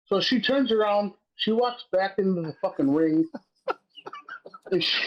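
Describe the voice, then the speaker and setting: A man co-hosting a wrestling podcast, recapping matches in casual, profane, excitable chat and laughing as he goes. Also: fairly high pitch, dull audio.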